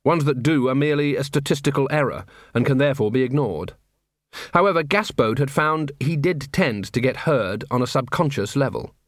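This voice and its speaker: Guy reading an audiobook, mid-pitched, even and dry, close studio mic with no room. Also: no echo. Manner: measured, dry storytelling. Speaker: audiobook narrator. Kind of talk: scripted narration.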